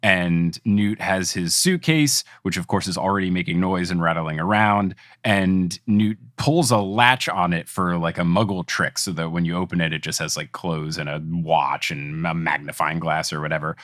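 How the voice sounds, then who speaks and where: A young adult man from New Jersey hosting a podcast, chatting casually, animated, laughing often and jumping into high put-on voices. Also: moderate pace, few pauses, dry recording, studio quality. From New Jersey, USA. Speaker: podcast host. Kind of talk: casual chat.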